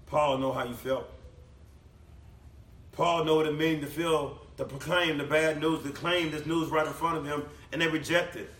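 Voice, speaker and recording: Emphatic preacher in an echoey hall. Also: male voice, steady tone, moderate pace, recorded from a distance. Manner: emphatic, rising to loud declamation and dropping low for scripture. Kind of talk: sermon. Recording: echoey room, voice from off the mic.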